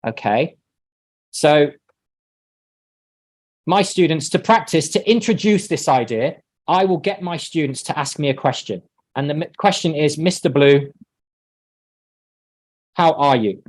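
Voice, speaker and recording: A man leading an online teacher-training workshop, explaining in a relaxed way and acting out sample lines. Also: on the high side, unhurried, long pauses, no echo.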